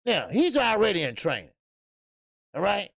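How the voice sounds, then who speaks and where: Boxing channel host: a man with a heavy gravelly voice and a profane, emphatic delivery, stuttering "uh" fillers, dry recording. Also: high-pitched, huge pitch swings, moderate pace, a bit bright, no room sound. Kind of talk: casual boxing commentary rant.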